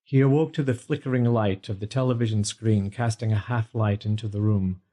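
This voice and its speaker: Mellow male audiobook narrator. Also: fairly low pitch, fairly even intonation, a little fast. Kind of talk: scripted narration.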